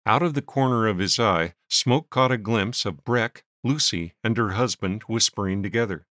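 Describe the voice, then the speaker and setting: A man narrating a story in a measured storytelling manner. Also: on the low side, a bit bright, no echo, studio quality. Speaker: audiobook narrator. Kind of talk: scripted narration.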